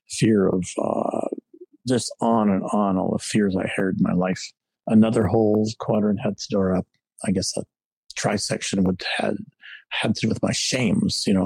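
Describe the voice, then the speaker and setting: A man shares his recovery story in a candid, reflective way, often circling back to restart a sentence. His voice sits low, with a gravelly edge and a husky texture. The recording is close and dry. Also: darkish tone, no room sound, low-quality recording. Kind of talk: personal storytelling in conversation.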